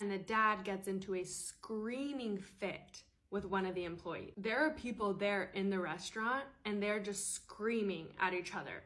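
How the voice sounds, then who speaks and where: A woman in her late twenties telling a personal story in a casual, animated and exasperated way. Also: mid-range voice. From United States. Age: late 20s. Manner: animated, exasperated, quick retelling. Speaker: storyteller vlogger.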